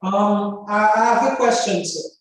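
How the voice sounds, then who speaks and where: Polite male student, slow and hesitant, distant echoey mic. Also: high-pitched, a little hiss or hum. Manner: hesitant and polite, says sir. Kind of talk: asking questions in class.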